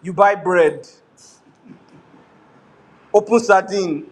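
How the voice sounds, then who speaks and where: Animated Nigerian man preaching, high voice. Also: very slow. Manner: animated preaching, switches into pidgin, laughs often. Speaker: pastor. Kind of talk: sermon.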